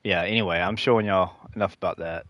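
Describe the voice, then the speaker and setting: Rambling low-voiced male game streamer. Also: steady tone, quick pace, fairly bright tone, no room sound. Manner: rambling, easily sidetracked storytelling; laughs at his own stories. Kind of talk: casual live-stream chat.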